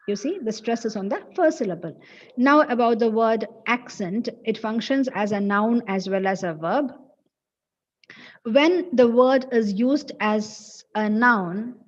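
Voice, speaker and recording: A woman from Kerala with a Malayali English accent, giving an online English lecture and repeating each example slowly. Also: on the high side, a little mellow. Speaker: college English teacher. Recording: lo-fi online class audio.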